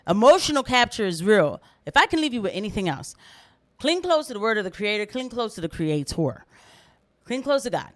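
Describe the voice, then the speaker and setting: A woman reacts on her own commentary vlog in a mid-range voice. She talks straight to her viewers, rambling and animated. Her tone swings from exasperated to earnest. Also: medium pitch, a little fast. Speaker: commentary vlogger.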